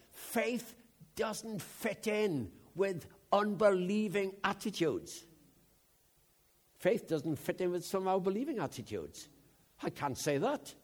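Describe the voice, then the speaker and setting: A man preaching a sermon in a conversational way, dropping to hushed asides and rising to loud, emphatic bursts. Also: fairly high pitch, breathy edge.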